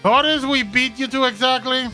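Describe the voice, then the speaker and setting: A man voicing a jittery, excitable young pirate lackey in a fan voice-over of game dialogue. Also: very high-pitched, moderate pace, faint music behind, pitched above the performer's own voice, exaggerated voice.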